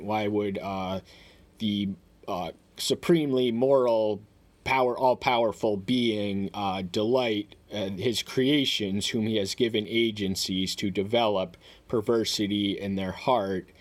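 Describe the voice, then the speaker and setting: A man giving verse-by-verse Bible commentary, talking in a halting way with many fillers and restarts, and reading each verse aloud in a raised voice. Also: on the low side. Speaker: Bible teacher.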